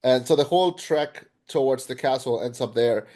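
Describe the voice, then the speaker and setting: A man co-hosting a casual film podcast, his voice sitting at an everyday middle pitch. He talks in animated, rambling bursts, circling back and restarting his thoughts as he goes. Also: normal speed. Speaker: podcast co-host. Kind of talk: casual film review chat.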